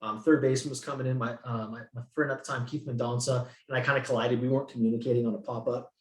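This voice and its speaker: A man from the San Francisco Bay Area, a guest in an interview, telling his story in an animated, profane way and acting out what people said. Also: mid-range voice, fast talker. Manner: animated, profane, acts out quotes. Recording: roomy echo.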